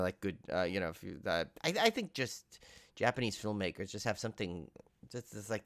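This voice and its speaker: A man co-hosting a horror podcast, rambling through a casual film review with halting restarts. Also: deep voice, dry recording, studio quality. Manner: rambling, halting, heavy use of "like". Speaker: podcast co-host.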